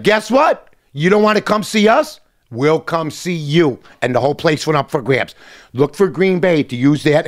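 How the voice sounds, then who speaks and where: A middle-aged man hosting a short commentary segment, blunt and combative, ending his points with a pushy "okay?". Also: a little high. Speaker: sports radio host. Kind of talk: opinionated commentary monologue.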